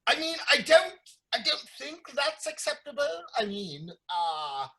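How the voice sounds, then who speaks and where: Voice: mid-range voice, big pitch swings, unhurried, fairly bright tone. An improviser doing a put-on British accent as a pompous, proud ship captain in an online improv scene. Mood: huffy. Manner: huffy, formal. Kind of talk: improv comedy over video call.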